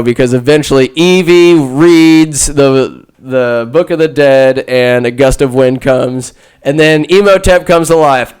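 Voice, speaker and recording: Smooth-voiced man joking through a movie recap. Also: medium pitch. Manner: rambling, profane, jokey asides. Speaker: podcast host. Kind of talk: casual comedic movie recap.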